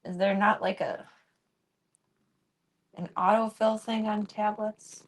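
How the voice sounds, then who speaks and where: A woman live-streaming from her home in a loose, chatty way. She keeps up a running conversation with her viewers and drops into a soft, cooing voice for her cats. Her voice sits at an ordinary pitch for a woman. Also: little pitch movement, slow. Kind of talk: casual live-stream chat.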